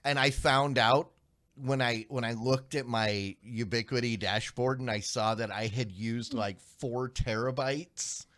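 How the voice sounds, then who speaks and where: Mid-pitched guy on a tech podcast, explains stuff, lots of ums and restarts. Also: steady tone, measured pace, a bit bright. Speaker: podcast co-host. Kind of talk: casual tech podcast chat.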